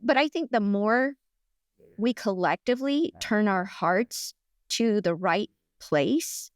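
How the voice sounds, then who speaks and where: A middle-aged woman, a podcast guest, telling a personal story in a chatty, animated way with lots of fillers and restarts. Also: medium pitch, takes it slowly, no room sound, clean studio sound. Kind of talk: casual storytelling in conversation.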